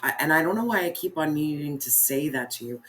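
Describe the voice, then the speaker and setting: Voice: medium pitch, expressive, a little fast, a bit bright. A tarot reader giving a spiritual reading in an earnest, encouraging way, speaking straight to the viewer and often repeating phrases for emphasis.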